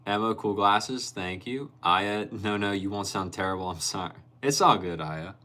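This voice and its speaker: Deep-voiced man chatting on a livestream. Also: moderate pace. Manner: relaxed, laughs often, reads viewer names aloud. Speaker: livestream host reading chat. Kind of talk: casual live-stream chat.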